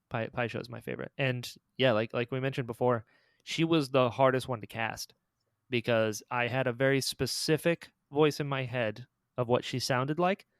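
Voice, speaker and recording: A man, the creator of an audio drama, chatting on a podcast in an excitable, storytelling way. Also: medium pitch, clean tone, no room sound, clean studio sound. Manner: excitable storyteller, acts out quoted lines. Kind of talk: casual podcast chat.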